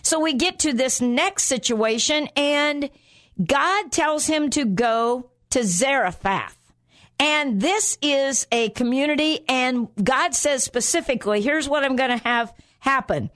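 A woman preaching a sermon in an earnest, steady way. Her voice sits a little higher than most. She repeats phrases for emphasis as she works through her points. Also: a little slow.

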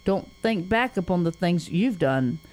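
A woman's voice: on the low side, lively intonation, unhurried, darkish tone. A woman reading an inspirational poem aloud on a Christian radio show, in a solemn, tender voice that rises and falls. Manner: solemn, tender reading with rising and falling phrases. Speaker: guest poet.

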